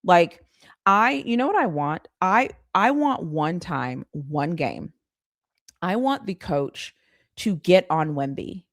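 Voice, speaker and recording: In clean studio sound with no room noise, a woman with a lowish, expressive voice speaks at a slow pace. She's hosting a casual live sports chat, chatting, laughing often, and ranting in exasperation.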